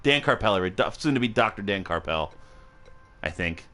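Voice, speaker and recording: A man's voice: deep voice, brisk, sharp tone, faint music behind. A man hosting a livestream, casually commentating a video game match, rambling and joking, laughing often and swearing, a little tipsy and punchy.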